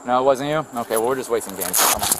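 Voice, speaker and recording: A male police officer speaks very fast at a roadside traffic stop. He keeps repeating himself and reads out formal rights. He is caught on a body camera, with faint outdoor noise behind him. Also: medium pitch. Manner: repetitive, procedural, reading out rights.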